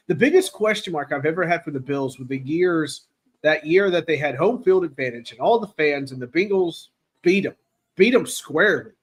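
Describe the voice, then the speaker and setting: A man hosting a casual live football chat, rambling and excitable, reading viewer comments aloud, his throat raw from cheering. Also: on the high side. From Tennessee. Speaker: podcast host.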